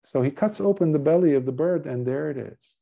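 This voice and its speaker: A man's voice: a little high, fairly quick, vocal fry. Earnest male monk giving a dharma talk. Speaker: Buddhist monk teacher. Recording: dull lo-fi recording.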